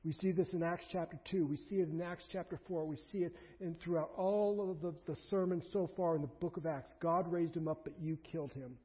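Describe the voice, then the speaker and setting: A man preaching a sermon as a pastor, emphatic and rising to forceful peaks. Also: a little high, steady tone, a little fast, hardly any pauses. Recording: dull lo-fi sermon recording.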